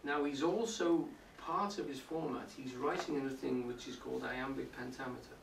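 A man lectures on poetry to a live audience, explaining patiently and often asking whether they follow. His voice, neither high nor low, is picked up from a distance in a roomy hall. A faint background hiss sits under the recording. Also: normal speed, creaky. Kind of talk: public talk on poetry. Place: indoor room with a live audience.

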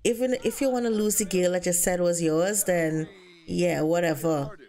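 A woman's voice: fairly low pitch, normal speed, dark tone, lightly acted. A laid-back young man brushing off a rival in an easy, shrugging tone. A woman voices him in a game role-play. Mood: dismissive. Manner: dismissive, chill.

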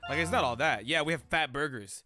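A man's voice: on the high side, a little fast, pushed and bright, no echo, clean studio sound, soft background music. A young man streaming live, chatting loosely with chat in rambling, profane slang.

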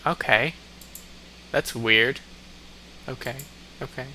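A man giving casual let's play commentary, reading out game commands and laughing often. His voice is mid-pitched and very bright. Faint noise sits behind him. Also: slow. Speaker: gamer.

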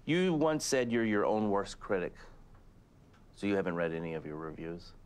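A middle-aged man hosts a comedic interview in a flat, deadpan way, stumbling and pausing awkwardly between questions. His voice sits a little low for a man. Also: slight background noise. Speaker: talk show host.

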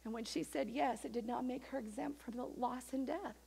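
Woman, pastor, sermon, high-pitched, animated, emphatic. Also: fairly quick, gravelly, breathy edge.

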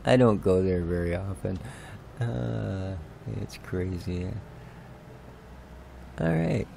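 Casting note: middle-aged Canadian man with a Canadian accent, a lower voice with a gravelly edge, unhurried let's-play chatter. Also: lively intonation, slight background noise. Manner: slow, chatty and self-joking, drifting to soft mutters. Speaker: gaming video host. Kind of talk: casual let's-play commentary.

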